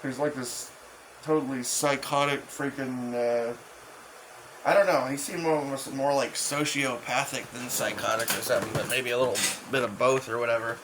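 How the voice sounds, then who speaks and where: A man's voice: mid-range voice, fairly even intonation, noisy background. Profane, rambling man talking casually. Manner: profane, halting, full of restarts and fillers. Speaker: channel host.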